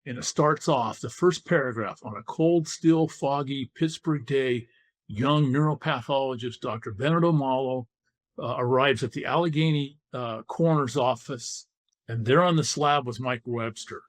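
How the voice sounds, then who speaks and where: A man's voice: medium pitch, moderate pace. An older man from California, a former football player, telling his story as a podcast guest and acting out the dialogue he quotes.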